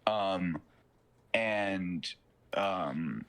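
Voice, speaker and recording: A man's voice: low voice, very slow, a bit bright. A young man in casual chat, retelling a film plot in a rambling way full of fillers and swearing.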